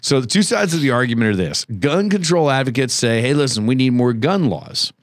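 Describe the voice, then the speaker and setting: A man co-hosting a casual podcast, recorded in a booth, a little raspy from bronchitis, laughing often as he goes through his notes. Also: mid-range voice, expressive, fairly quick, dry recording, studio quality. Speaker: podcast co-host.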